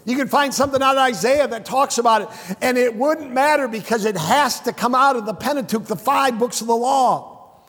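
Male preacher, husky, high voice, emphatic sermon delivery in a hall with long echo. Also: normal speed. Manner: emphatic, swings between hushed and shouted; repeats phrases for stress. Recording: echoey hall with long reverb.

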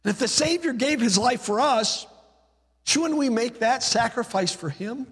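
A woman's voice: a little high, animated, a little slow, slightly rough, in a large hall, pitched above the performer's own voice. A man preaching who voices a humble churchgoing wife, speaking in a shaking voice as she offers up her home. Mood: earnest.

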